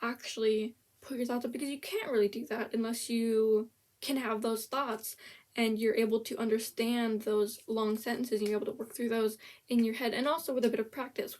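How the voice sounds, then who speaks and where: A woman's voice: fairly high pitch, a little mellow. A young woman ranting in casual commentary about a language app, blunt and sarcastic, swearing freely and often restarting her sentences. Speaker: vlogger reviewing a language app.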